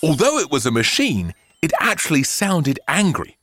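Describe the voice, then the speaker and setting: A man narrating a children's story aloud with an expressive, theatrical delivery. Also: a little high, moderate pace, no room sound, faint music behind.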